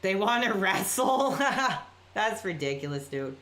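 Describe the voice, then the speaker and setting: A man's voice: sits high, sing-song, slow pace, sharp tone. Man streamer, casual late-night chat, rambling and apologetic, reading and reacting to viewers. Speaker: live streamer.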